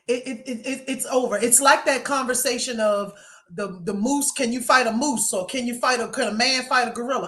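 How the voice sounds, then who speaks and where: A woman co-hosting a sports podcast, talking in an animated, emphatic, mocking way. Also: a little high, normal speed. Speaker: podcast co-host. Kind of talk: casual sports chat.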